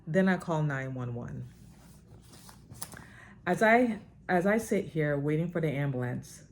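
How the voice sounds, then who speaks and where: A deep-voiced woman reads a book aloud in a dramatic way and stops now and then for emphatic comments of her own. Her voice often jumps high when she stresses a point. There is a faint hiss under the recording. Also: lively intonation, unhurried. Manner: emphatic, with sudden high outbursts. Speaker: vlogger reading a book aloud.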